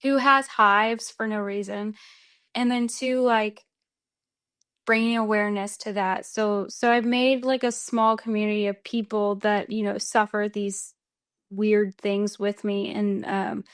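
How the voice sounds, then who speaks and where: A woman's voice: mid-range voice, a little slow, clean tone. A woman from Texas with an American accent, a runner telling stories as a guest in a casual podcast interview and laughing often. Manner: chatty, laughs often, animated storytelling.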